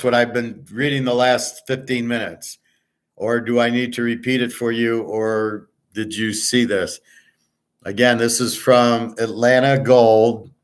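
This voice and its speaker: A man's voice: medium pitch, fairly bright tone. An older man hosting a livestream, ranting bluntly and profanely, repeating his points with emphasis and speaking straight to a viewer. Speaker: host.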